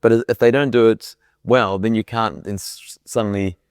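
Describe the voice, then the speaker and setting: A man's voice: fairly low pitch, fairly even intonation, moderate pace, clean tone, no echo, clean studio sound. A man, a guest cricketer on a podcast, talking casually with frequent restarts.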